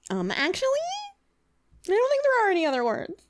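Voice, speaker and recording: A woman's voice: very high voice, wildly swooping pitch, a little fast. A young adult woman co-hosting a podcast in casual chat, blunt and teasing with a dry wit. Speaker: podcast co-host.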